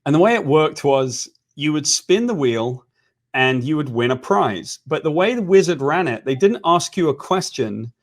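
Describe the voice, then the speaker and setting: British man, somewhat high voice, casual chat, animated self-mocking storyteller. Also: moderate pace. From Britain. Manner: animated, self-deprecating storyteller who acts out quoted lines. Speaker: co-host.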